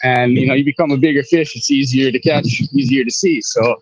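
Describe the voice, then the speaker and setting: A man speaking as a panelist in a casual live discussion, measured and posing questions. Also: mid-range voice, steady tone, no echo. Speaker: AMA panelist. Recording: dull lo-fi line, dry.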